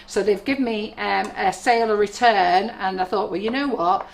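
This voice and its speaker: A middle-aged woman with a medium-pitched voice and vocal fry speaks at a moderate pace. She owns a baking shop and, live streaming from the shop kitchen, demonstrates its products while chatting, rambling and telling stories.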